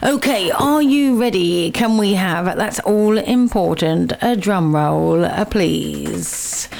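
A woman's voice: mid-range voice, lively intonation, takes it slowly, gravelly, darkish tone, slight background noise. A woman hosting a local radio show, chatting casually, giggling often and explaining things at length. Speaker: radio host.

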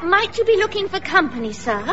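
A woman's voice: very high-pitched, big pitch swings, brisk, pushed and bright, highs cut off, soft background music, full character voice. A woman playing a genteel wife who puts on a brassy, saucy street persona.

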